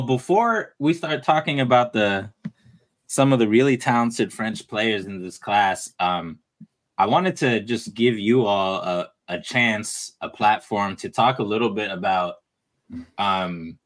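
New york guy hosting a podcast, lowish voice, laid back and chatty. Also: slow pace. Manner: relaxed, chatty, laughs easily. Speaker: podcast host. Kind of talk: casual podcast chat.

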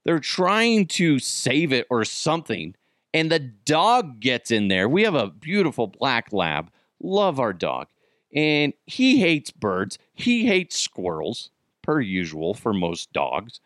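Animated man telling stories on a podcast. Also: medium pitch, slow pace, dry recording, clean studio sound. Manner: animated, swearing, laughs while telling stories, acts out quoted voices. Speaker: podcast host. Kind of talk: casual storytelling monologue.

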